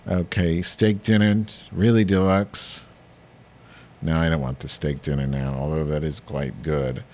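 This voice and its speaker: A man hosting a comedy podcast, telling a crude, meandering story in a deadpan, filler-heavy monologue. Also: rumbling low, a little slow. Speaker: podcast host.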